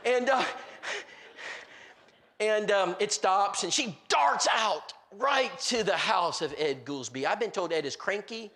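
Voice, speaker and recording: Man preaching a story-filled sermon, acting out each person, high bright voice that swoops a lot. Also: unhurried. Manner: animated, acts out the people in his stories; frequent restarts and filler words.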